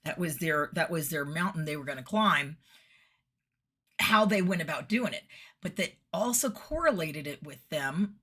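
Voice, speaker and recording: Chatty middle-aged woman vlogger, bright forward tone, storyteller who laughs a lot. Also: low-pitched, animated, moderate pace, slightly rough. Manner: chatty, laughs often, acts out quotes. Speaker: vlogger giving weekly messages. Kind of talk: casual storytelling monologue.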